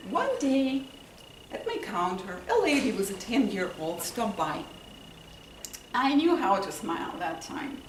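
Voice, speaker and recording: Lively woman telling a funny story. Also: mid-range voice. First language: not English. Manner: lively storytelling, acting out her own and others' lines. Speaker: contest speaker. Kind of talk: humorous speech. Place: indoor meeting room with audience. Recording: roomy, distant, with noise and audience laughter.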